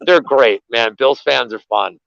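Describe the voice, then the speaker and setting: Gravelly man ranting in profane sports chat. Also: medium pitch, unhurried, no room sound. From Philadelphia area. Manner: rambling, swears a lot, animated rants. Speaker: co-host of a betting show. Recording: dull, lo-fi, dry sound.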